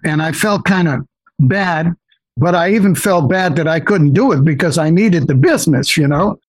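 An older man telling personal stories as a guest in an interview, animated and often acting out the voices of others. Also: a little high, normal speed, husky, dry recording, poor audio. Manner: animated, acts out quoted voices, many restarts. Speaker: guest investor. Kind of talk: personal storytelling in a podcast interview.

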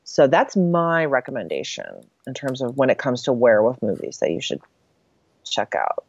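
A woman's voice: rumbling low, very animated, moderate pace, vocal fry, slightly rough, dry recording. A woman co-hosting a podcast in casual chat, chatty and a bit scattered, reading listener mail aloud. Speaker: podcast co-host. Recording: slightly dull, dry podcast audio.

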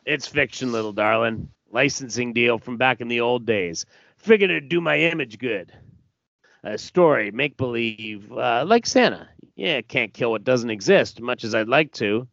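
A man's voice: mid-range voice, expressive, moderate pace, vocal fry, a bit bright, no echo. A man voicing a crass, brawling male alien bounty hunter, reading his crude taunts aloud in a sneering way. The recording is dull and dry.

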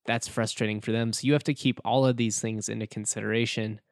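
A man's voice: lowish voice, flat delivery, quick pace, no room sound, clean studio sound. A young man hosting a casual solo sports podcast, chatty and self-joking, laughing often.

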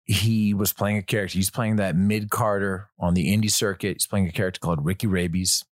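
A man, an actor guest on a podcast, telling stories in a loose, animated way, swearing freely and often restarting his sentences. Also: low voice, brisk, no room sound, studio quality. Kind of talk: casual podcast chat.

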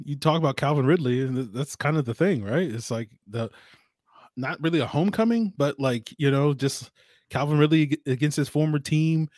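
A man's voice: mid-range voice, a little mellow, no room sound, studio quality. A man guest on a sports podcast, talking football in a conversational way with lots of hedging. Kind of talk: casual sports analysis talk.

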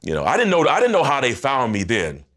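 A man in his fifties, a former football player, telling stories as a guest on a podcast in an animated, laughing, slangy way. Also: mid-range voice, quick pace. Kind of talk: casual podcast storytelling.

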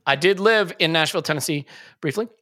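Man, podcast host, bright clear tone, emphatic, repeats phrases for effect. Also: on the high side, fast talker. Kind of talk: casual sports podcast chat.

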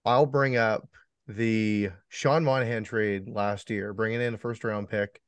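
A man's voice: lowish voice, fairly even intonation, a little slow, clean tone, no echo. A man hosting a casual podcast chat, easygoing, asking loose questions with lots of fillers. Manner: easygoing, laughs along, filler-heavy questions. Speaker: podcast host.

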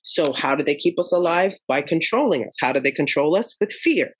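A woman comedian chatting in an interview, telling animated stories and acting out quoted lines. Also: low voice, fairly quick, hardly any pauses, husky, rough recording. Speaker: comedian guest. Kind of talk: casual interview chat.

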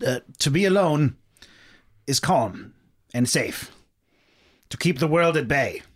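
Shy nervous young man, a bit raised in pitch, hesitant delivery, man putting it on, tabletop game. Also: animated, slow. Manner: hesitant, soft-spoken.

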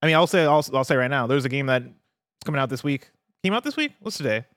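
A man co-hosting a casual gaming talk show, explaining a game in a rambling, animated way. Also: medium pitch, fast talker, no echo, clean studio sound. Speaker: podcast co-host. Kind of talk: casual chat.

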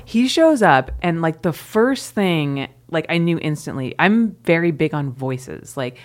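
A woman guest on a podcast, telling a story with animated, self-deprecating humor. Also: sits low, measured pace. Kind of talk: casual storytelling.

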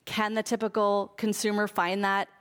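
A woman's voice: medium pitch, level tone, normal speed, fairly bright tone, smooth. A woman guest on a talk show, giving earnest, explanatory answers with frequent fillers. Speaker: guest, food advocate and author. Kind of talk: conversational interview answers.

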